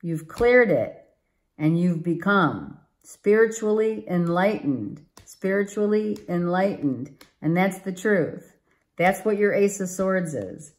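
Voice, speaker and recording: A woman's voice: fairly low pitch, expressive, slow pace. A woman giving a tarot reading to viewers, emphatic and exclaiming, often repeating herself. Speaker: tarot reader.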